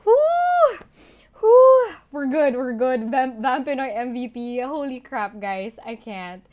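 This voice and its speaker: A woman streaming a game live, excitable and giggly, shaky and overwhelmed as she thanks her chat. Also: a little high, slow. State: shaky and overwhelmed, near tears.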